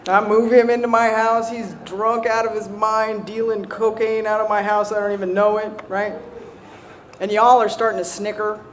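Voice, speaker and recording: Her voice is medium in pitch and level in tone, at a normal speed, with a little hiss or hum behind it. This Southern American recovery speaker shares her personal story with a live audience, poking fun at herself conversationally and often asking "right?"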